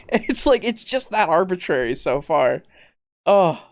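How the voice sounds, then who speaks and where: A man's voice: high-pitched, very animated, slow, no echo, clean studio sound. A man hosting a podcast, ranting in exasperation, swearing often and laughing mid-sentence. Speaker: podcast host.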